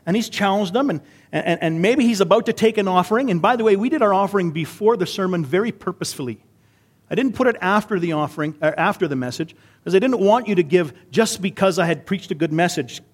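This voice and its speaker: Earnest Canadian pastor preaching. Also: male voice, sits high, husky. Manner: earnest, conversational preaching with rhetorical questions. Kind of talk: sermon.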